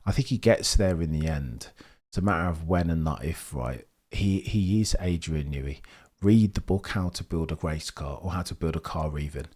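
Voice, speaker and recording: A man's voice: rumbling low, normal speed, darkish tone. A man hosting a live sports watch-along stream from home at night, chatting theatrically with his viewers. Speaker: livestream host.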